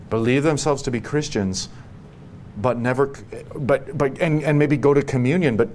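Male teacher, low voice, emphatic and repetitive, long-winded study-group answer, faint noise. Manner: emphatic, repeats key phrases, many restarts; drops to low quiet tones on solemn points.

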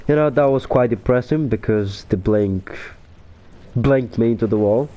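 A man's voice: medium pitch, moderate pace, lo-fi sound. A young man commentating his own online shooter match, exclaiming over kills and deaths. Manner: excitable, exclaims and narrates his own plays. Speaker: gaming YouTuber. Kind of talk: live gameplay commentary.

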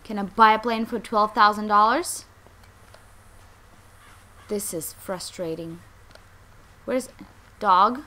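A young woman hosting a let's play, commenting with exasperation, muttering and then yelling. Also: mid-range voice, slow pace, long pauses. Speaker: gaming channel host.

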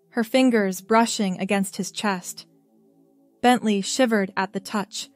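A woman reading a scripted story aloud in a calm, even storybook manner. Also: mid-range voice, no room sound.

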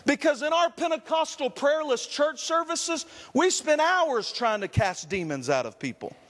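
A man's voice: very high voice, sing-song, normal speed, a bit bright, long reverb tail. A man, a Pentecostal pastor, preaching a fervent sermon with repeated refrains. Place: church sanctuary.

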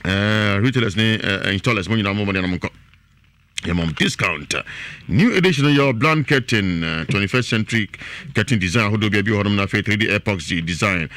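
A man's voice: lively intonation, fairly quick. Hyped Ghanaian male advert presenter. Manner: hyped, repeats phone numbers, shifts between shouting and low mutters. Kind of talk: fast advert announcing in mixed Twi and English.

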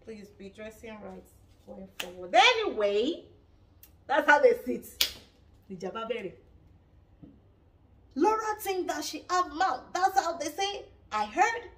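Animated Nigerian woman gossiping. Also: sits high, unhurried, pauses often, distant mic, slight background noise. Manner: animated, dramatic, laughs often. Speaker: reality-show reviewer. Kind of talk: casual gossip commentary.

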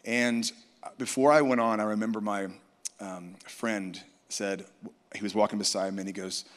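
A man's voice: lowish voice, fairly even intonation, moderate pace. A man telling a personal testimony at a conference, storytelling and quoting others. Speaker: worship musician. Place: large conference hall. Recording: reverberant hall.

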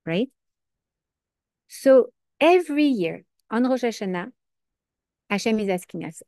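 A woman giving an informal Torah class, earnest and lively, asking questions and answering them herself. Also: a little high, a little slow, long pauses, dry recording, clean studio sound. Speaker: Torah teacher.

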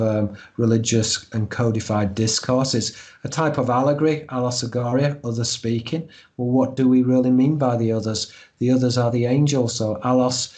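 A man, an author being interviewed, explaining esoteric ideas in a measured, hesitant way with frequent pauses and ums. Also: mid-range voice, dark tone. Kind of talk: discursive interview talk.

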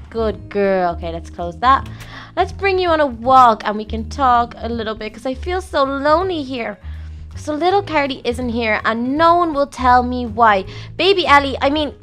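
A woman's voice: sits high, fairly bright tone. A young woman doing a solo game role-play as a lonely old lady in a nursing home, talking wistfully and sighing as she chats to her pet. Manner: wistful, talks to her pet, sighs often. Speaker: Minecraft role-play player. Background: faint background music.

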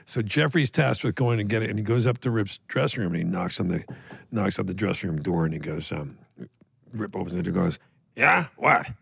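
Gravelly animated storyteller man. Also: low voice, fairly quick, dry recording, studio quality. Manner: animated anecdote teller, acts out quotes. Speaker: podcast co-host. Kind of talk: casual chat and storytelling.

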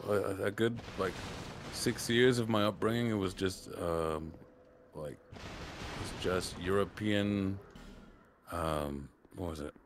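A man's voice: deep voice, takes it slowly, a little hiss or hum. A man co-hosting a casual gaming chat, with an accent that shifts between British and American, rambling with lots of fillers and restarts. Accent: shifting mix of British and American. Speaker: co-host and voice actor.

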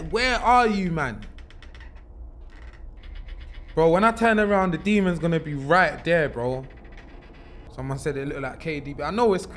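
Excitable lad streaming a horror game. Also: male voice, a little high. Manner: excitable, swearing, joking slang banter. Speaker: gaming streamer. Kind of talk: horror let's-play commentary.

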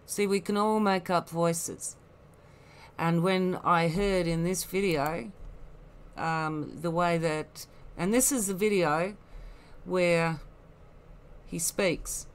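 Slow, scornful woman. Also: lowish voice. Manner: slow, rambling and scornful, with many asides. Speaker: online commentator. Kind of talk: critical commentary.

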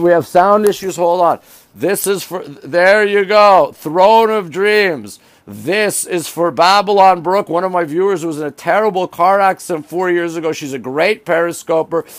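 A man's voice: high-pitched, moderate pace, no room sound, poor audio. A man hosting a live phone stream, touring the city view and greeting viewers by name as he reads their comments. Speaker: livestream host.

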